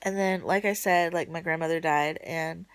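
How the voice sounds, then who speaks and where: In a casual video diary shot at home late at night, a woman rambles with emotion, alternating bright excitement with gentle low murmurs. Her delivery is smooth and moderately paced in a dry recording.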